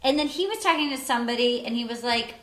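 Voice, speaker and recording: A woman co-hosting a casual podcast chat, animated and laughing as she acts out quotes. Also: fairly high pitch, fast talker, roomy sound. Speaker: podcast co-host. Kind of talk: casual chat recapping a dating show.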